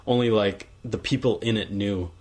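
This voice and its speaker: This podcast co-host has a lowish, slightly mellow voice with fairly even intonation and a moderate pace. Chatting casually, he rambles, uses plenty of fillers, and keeps restarting his sentences.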